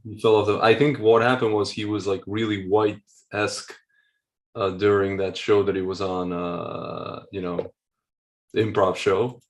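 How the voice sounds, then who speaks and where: A man's voice: fairly low pitch, flat delivery, measured pace. A man co-hosting a podcast in casual chat, rambling with lots of slang. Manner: rambling, full of slang and restarts. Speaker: podcast co-host.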